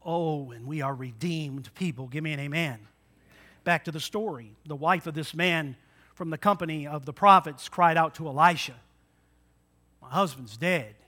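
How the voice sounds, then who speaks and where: Bright, high-voiced male pastor preaching. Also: normal speed. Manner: dramatic retellings with shifting loudness; rhetorical questions to the congregation. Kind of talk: sermon.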